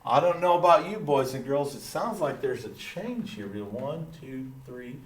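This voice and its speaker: A male teacher reading a lesson aloud while voicing a folksy, proud small-town dad with a slow drawl and pet phrases. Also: mid-range voice, animated, lightly acted. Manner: slow Texan drawl, repeating catchphrases. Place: classroom. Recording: roomy echo.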